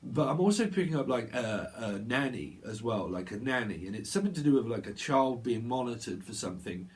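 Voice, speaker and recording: A man's voice: medium pitch, animated, fairly quick, darkish tone. A man with a British accent giving a psychic tarot reading, rambling and free-associating, often trailing off and correcting himself. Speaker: tarot reader.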